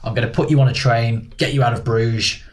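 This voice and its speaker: A man's voice: mid-range voice, steady tone, fairly quick. A man co-hosting a podcast, talking through a film with enthusiasm in casual chat. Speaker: podcast co-host.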